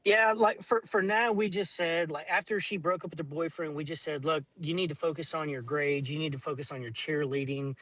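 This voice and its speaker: A man's voice: fairly high pitch, steady tone, a little fast, few pauses, fairly bright tone, dry recording, poor audio. A middle-aged man telling a family story in casual chat, blunt and rambling, swearing often.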